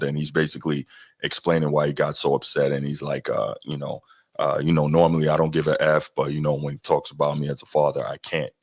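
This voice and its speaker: A man hosting a podcast, reacting to clips in a relaxed, chatty way with fillers. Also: a bass voice, no room sound, studio quality. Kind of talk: casual commentary.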